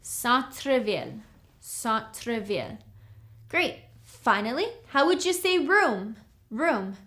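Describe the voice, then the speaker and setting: A woman teaching a recorded language lesson, drilling words slowly and checking in with "okay?". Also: high voice, sing-song, a bit bright. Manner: slow, clear drilling of words with frequent "okay?". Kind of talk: recorded lecture.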